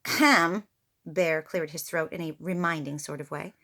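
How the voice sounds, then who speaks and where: A woman reading a picture book aloud, expressive and playful with her own asides. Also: low-pitched, normal speed. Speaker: storyteller.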